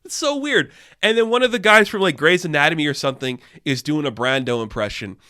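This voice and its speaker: A man's voice: a little high, fast, bright, forceful tone. A man giving a casual review, exasperated, sarcastic and swearing often. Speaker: video reviewer.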